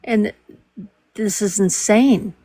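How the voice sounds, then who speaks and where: A woman in her fifties with a Minnesota accent, chatting casually on a live stream and filling pauses with um and uh. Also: medium pitch, warm tone, no echo. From Minnesota, USA. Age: 50s. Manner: conversational, laughs easily, trails off with fillers. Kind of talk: casual chat.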